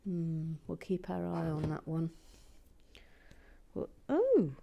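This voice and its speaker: Slow mellow lady vlogging a lego build, mutters and whispers while she works. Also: on the low side, big pitch swings, creaky, slight background noise. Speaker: vlog host building Lego. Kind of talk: casual build commentary.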